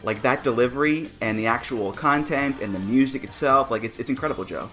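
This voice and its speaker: A man's voice: mid-range voice, fairly quick, fairly bright tone, faint music behind. A man co-hosting a podcast, chatting casually and with amusement, laughing often and restarting his sentences. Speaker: podcast co-host. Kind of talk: casual review chat.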